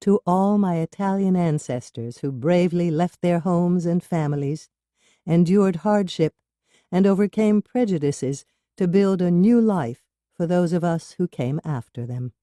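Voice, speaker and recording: A woman narrating an audiobook with expressive, measured storytelling. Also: lowish voice, no echo, studio quality.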